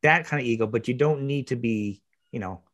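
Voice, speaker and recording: Fast-talking chatty podcast host man. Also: medium pitch, a bit bright, dry recording, clean studio sound. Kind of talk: casual interview chat.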